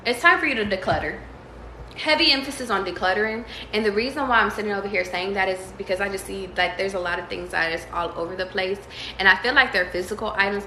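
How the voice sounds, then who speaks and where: A woman reads tarot in a loose, casual way, full of slang and cursing. Her voice is bright and sharp. She breaks into excited squeals, and the room adds a noticeable echo. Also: mid-range voice, a little hiss or hum. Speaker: tarot reader.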